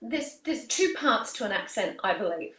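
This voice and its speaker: A woman's voice: a little high, very animated, moderate pace, fairly bright tone. A woman with an Australian accent, a vocal coach, earnestly explaining points with spoken examples in an interview. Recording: roomy echo, mic at a distance.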